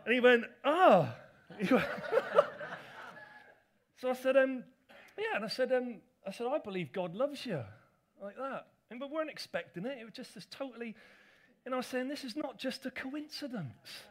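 Middle-aged pastor, high-pitched, casual and self-deprecating as he tells a story from the pulpit. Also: animated, normal speed, fairly bright tone. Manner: chatty, self-deprecating storytelling with audience asides. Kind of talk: sermon with personal story.

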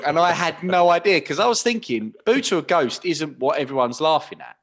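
A man's voice: a little high, lively intonation, fairly quick, fairly bright tone. A man, co-hosting a podcast in casual, self-deprecating chat, saying "like" often. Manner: self-deprecating, says "like" a lot. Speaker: podcast co-host.

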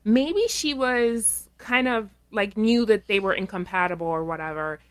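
A woman co-hosting a casual podcast, recapping a reality show with lively swearing and voicing the people she quotes. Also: normal speed. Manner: animated, acts out quoted people in shrill voices, laughs, swears. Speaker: podcast co-host.

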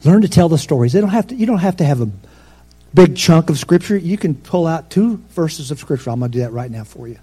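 A pastor preaching a sermon, swinging between loud emphatic peaks and soft, low asides. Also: male voice, animated, fast talker, slightly rough.

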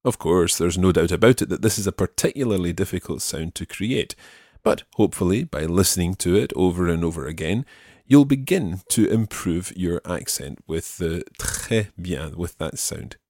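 A man teaching a language podcast lesson with a very low, slightly husky voice. He explains patiently and methodically, slowing down to model words, recorded dry in a studio. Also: animated, darkish tone, no room sound.

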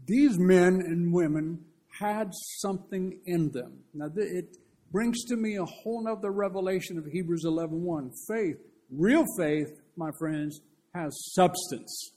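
A man preaching a conversational sermon, telling stories in a lively, earnest way. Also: sits high, unhurried.

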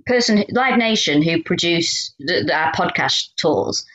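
A woman, co-hosting a podcast in casual chat, telling animated stories and swearing freely. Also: fairly low pitch, measured pace, low-quality recording. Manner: animated storytelling, swears, acts out quotes. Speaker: podcast co-host.

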